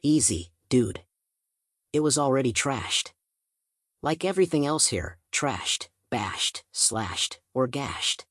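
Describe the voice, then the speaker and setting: A man's voice: medium pitch, animated, slow pace, a bit bright, dry recording, studio quality. A man voicing a wisecracking teenage boy who teases his friends with a mock-spooky ghost voice. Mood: flippant.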